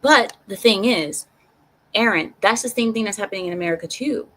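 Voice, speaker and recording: An animated woman talking her opinions through on a casual live stream. She speaks directly to her viewers and circles back on phrases to press her point. Her voice sits at an ordinary middle pitch. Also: brisk, low-quality recording. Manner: animated, talks straight to chat, repeats herself for emphasis.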